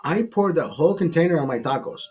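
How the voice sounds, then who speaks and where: A middle-aged man hosting a podcast, telling a profane, animated anecdote in casual chat and acting out the quotes. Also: fairly high pitch, fast, husky, faint music behind. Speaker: podcast host telling a story.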